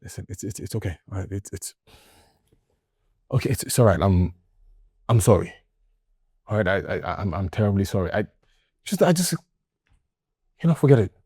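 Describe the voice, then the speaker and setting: An actor playing a young boyfriend who stammers, hesitates and apologizes in a Nollywood film. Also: male voice, on the low side, expressive, moderate pace, pauses often, a little mellow, husky, dry recording, clean studio sound. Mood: apologetic. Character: young boyfriend, awkward and conciliatory.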